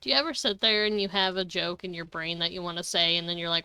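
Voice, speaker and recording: A woman's voice: fairly low pitch, fairly even intonation, fast, hardly any pauses, bright, forceful tone, smooth, no room sound. A woman streaming a video game live, chatting casually, giggling often and swearing freely. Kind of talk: casual live gaming commentary.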